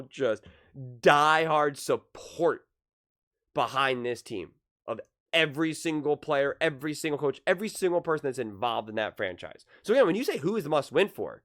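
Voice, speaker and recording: Animated man giving sports opinions. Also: a little high. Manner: animated, repeats himself, rhetorical questions. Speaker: sports commentator. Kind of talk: casual sports opinion monologue.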